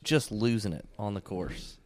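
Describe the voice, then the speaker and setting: A man's voice: fairly low pitch, normal speed, crowd noise. A man hosting a casual podcast, asking prodding questions in an easy way. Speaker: podcast host. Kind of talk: interviewing, casual chat.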